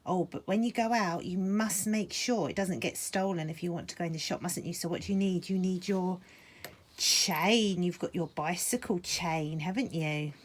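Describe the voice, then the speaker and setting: A woman leading a children's phonics lesson with a puppet, talking in animated exclamations that sometimes drop to a hushed whisper. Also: on the low side, moderate pace. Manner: animated, exaggerated exclamations, drops to a hush at times.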